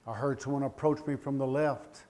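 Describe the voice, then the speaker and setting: A middle-aged man giving a speech, telling a personal story with heartfelt, dramatic swings between booming and hushed delivery. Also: fairly even intonation, brisk. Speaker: public speaker.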